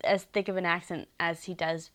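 A woman's voice: fairly low pitch, level tone, fairly quick, a bit bright. A woman co-hosting a podcast, chatting casually about a TV show in a playful, teasing way. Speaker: podcast co-host.

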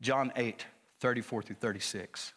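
A man's voice: steady tone, normal speed. Preaching man in a reverberant church. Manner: builds from low, quiet talk to loud, high-pitched preaching. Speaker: pastor. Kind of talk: sermon. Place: church sanctuary.

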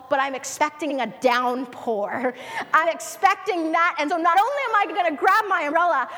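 A woman's voice: sits high, fairly bright tone, big-room sound. A woman preaching a conversational sermon, asking the listeners questions, then leading a prayer.

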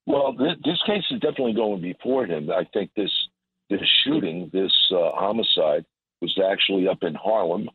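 A man with a low, husky voice drives home his points again and again in forceful political commentary. He comes through a narrow, tinny phone line that sounds dry and close. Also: no echo. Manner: emphatic, repetitive, indignant. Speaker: guest commentator.

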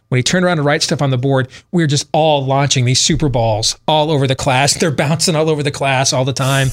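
A man from Michigan, a radio talk show host, telling a long story in a rambling, animated way with many fillers and laughs. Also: fairly high pitch, dry recording, clean studio sound. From Michigan, USA.

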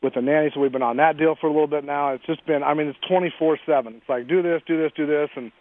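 A man in his forties talks fast and bluntly, with a fiery edge and casual swearing. His voice sits a bit high for a man. He is heard over a thin, tinny phone line. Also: fairly even intonation. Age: 40s. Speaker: guest. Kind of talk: casual interview chat.

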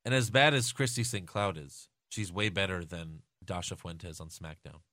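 A man co-hosting a casual podcast chat, animated and fond of mimicking people in loud put-on voices. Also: low voice, moderate pace, no room sound, studio quality. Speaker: podcast co-host.

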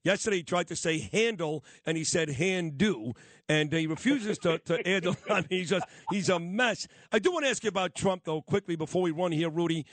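A man hosting a casual radio interview, chatty and opinionated with quick asides. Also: sits high, fairly bright tone, no echo. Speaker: radio host.

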